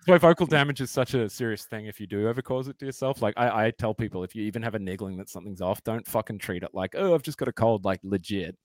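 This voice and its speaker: A man's voice: lowish voice, fast talker, few pauses, dry recording. Male guest, worn voice, casual and profane, dry close sound. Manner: swears freely, earnest and explanatory. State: damaged voice. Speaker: podcast guest, vocalist. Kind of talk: casual explaining chat.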